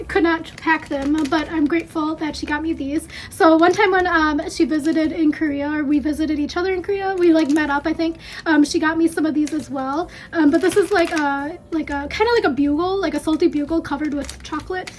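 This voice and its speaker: High-pitched woman rambling thru a haul vid at home, lots of ums, kinda out of breath. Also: a little hiss or hum. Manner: chatty, rambling with many fillers. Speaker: beauty vlogger. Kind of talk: casual haul vlog.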